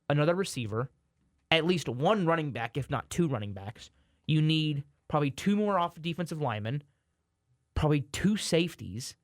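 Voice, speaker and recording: A man's voice: a little high, no echo, clean studio sound. A man, co-hosting a sports podcast in casual chat, rambling and correcting himself, sometimes exasperated.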